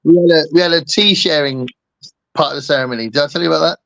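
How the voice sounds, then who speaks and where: A man's voice: on the high side, fast talker, vocal fry, a bit bright, no echo. A man hosting a casual chat, rambling and joking with lots of fillers. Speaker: host.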